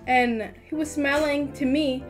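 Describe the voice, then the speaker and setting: A high-voiced teenage girl tells a story on a casual podcast, chatty and animated with lots of "like". Soft music plays faintly behind her. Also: unhurried. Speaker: podcast co-host.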